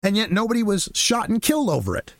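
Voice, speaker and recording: A man's voice: high-pitched, sing-song, fast talker, dry recording. Male commentator, sarcastic and fired up, voice leaping up and down, dry close mic. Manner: sarcastic, impassioned. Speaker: political commentator. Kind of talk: opinionated commentary monologue.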